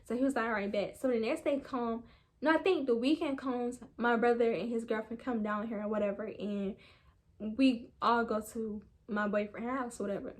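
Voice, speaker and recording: A young woman vlogger chatting casually, retelling a story in a rambling, animated way with quoted voices. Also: a little high, normal speed. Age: young adult.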